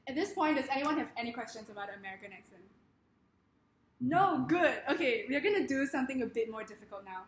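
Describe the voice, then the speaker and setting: A woman giving a comedic presentation in a wry, deadpan manner. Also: high-pitched, fast, reverberant.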